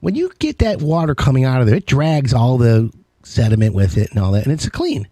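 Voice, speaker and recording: A man's voice: mid-range voice, big pitch swings, fairly quick, warm tone, no room sound. A man hosting a live home-services call-in show, chatting casually with jokey, rambling asides. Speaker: radio show host. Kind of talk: casual call-in radio chat.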